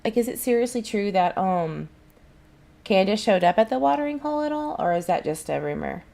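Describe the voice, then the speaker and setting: A woman's voice: mid-range voice, expressive, a little fast, gravelly, dark tone. A woman, hosting a casual livestream and chatting back to viewers' comments in a rambling way. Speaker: channel host.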